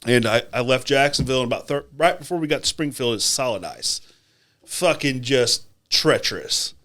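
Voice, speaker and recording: A man's voice: mid-range voice, lively intonation, normal speed, a bit bright. A man co-hosting a casual podcast, telling trucking stories in a profane, rambling way and laughing as he goes. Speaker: podcast co-host, truck driver. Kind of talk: casual storytelling chat.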